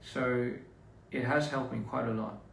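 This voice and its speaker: A man on a casual livestream, speaking slowly and encouragingly to fans, with pauses and fillers. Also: medium pitch, steady tone, gravelly, echoey room, far from the mic, slight background noise, rough recording. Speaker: livestream host answering fans.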